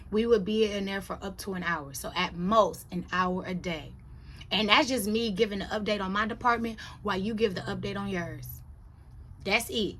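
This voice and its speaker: Young adult woman, casual vlog talk, animated swings between low asides and high outbursts, bright tone. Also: a little hiss or hum. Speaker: vlogger. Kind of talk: casual chat.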